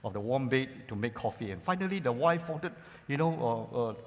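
A male pastor preaching a sermon, calling his listeners "church" and using many "you know" fillers. He moves between loud, emphatic lines and quiet asides. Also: mid-range voice, animated, brisk, big-room sound.

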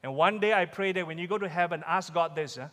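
A man preaches with a Malaysian English accent, pressing his points and repeating his questions to the congregation. His voice sits high for a man. The sound rings with the long reverb of a large church hall. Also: fast talker, a bit bright. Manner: emphatic, repeats key questions. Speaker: pastor. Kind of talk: sermon. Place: church sanctuary.

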